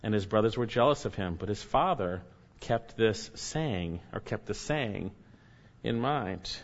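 A man's voice: lowish voice, expressive, a little slow, muffled recording. Preacher man reading and expounding scripture. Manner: reads scripture aloud, then comments emphatically with rhetorical questions. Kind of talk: expository sermon.

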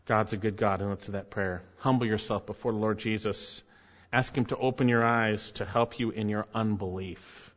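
A man preaching a sermon, emphatic, his voice climbing high when he reads quoted lines. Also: fairly even intonation, moderate pace, in a large hall, lo-fi sound. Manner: emphatic, rises sharply when reading quotes. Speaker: pastor.

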